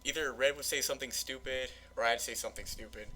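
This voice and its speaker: A man's voice: mid-range voice, fairly even intonation, fast, pushed and bright. Podcast host guy, mid voice, keeps saying "i mean", rambles. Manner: rambling, lots of filler phrases. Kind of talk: casual podcast chat.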